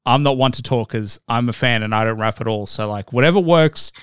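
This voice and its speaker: A man hosting a podcast interview, talking in a relaxed, conversational way with lots of filler words. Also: medium pitch, a little fast, clean tone, dry recording, studio quality. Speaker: podcast host. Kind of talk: casual interview chat.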